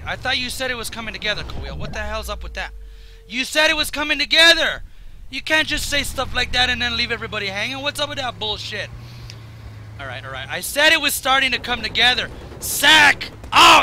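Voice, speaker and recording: A man with a high, very bright voice that has gone raw and strained talks through a video game. He rambles and jokes, jumping between excitement and low muttering. A faint hiss sits under the recording. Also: poor audio. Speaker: gaming commentator. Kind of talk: casual gameplay commentary.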